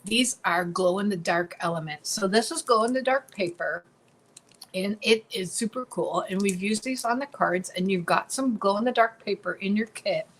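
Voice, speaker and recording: A woman hosts a relaxed craft demonstration in a mid-range voice. She is bubbly and chatty and tends to repeat her phrases as she shows each piece. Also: medium pitch, normal speed, rough recording. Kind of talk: casual craft tutorial.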